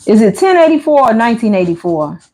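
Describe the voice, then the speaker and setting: A fast-talking woman with a fairly high voice hosts a casual livestream, reading live comments aloud. She's a chatty storyteller who breaks into lively voiced asides.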